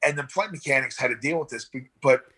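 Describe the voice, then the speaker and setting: A middle-aged veteran rescue swimmer and paramedic tells rambling stories in a casual interview, animatedly acting out the voices of the people in them. He talks fast in a slightly rough, medium-pitched voice.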